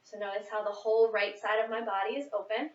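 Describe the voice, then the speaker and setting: On an echoey, distant, dull lo-fi recording, a young woman fitness instructor leads a workout mid-exercise, a little out of breath. Her mid-range voice is quick and fairly even in intonation. She coaches upbeat and counts the reps.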